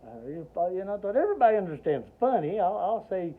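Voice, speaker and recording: A man spins a rambling personal story with dry humor, acting out each voice he quotes. His pitch swings widely as he talks. The sound is thin and tinny, like a phone line. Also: very animated, fast talker. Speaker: Army veteran telling a personal story. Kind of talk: casual spoken storytelling.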